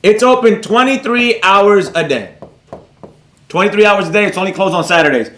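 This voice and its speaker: High-voiced guy running a live trading class, blunt and excitable, goes off on tangents. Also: reverberant. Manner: blunt, excitable, rambling, quick to scold. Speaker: trading teacher. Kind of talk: live class, reading chat.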